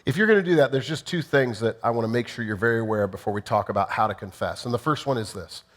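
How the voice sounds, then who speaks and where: A man's voice: medium pitch, fast talker. A male pastor delivering a conversational sermon, emphatic and full of rhetorical questions.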